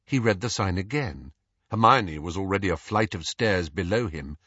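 A man narrating an audiobook with expressive, varied storytelling. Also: low-pitched, moderate pace, slightly rough, dry recording. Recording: dull lo-fi dry audio.

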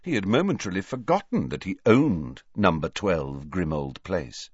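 A man narrating an audiobook with expressive storytelling. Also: low-pitched, normal speed, breathy edge, no room sound, lo-fi sound.

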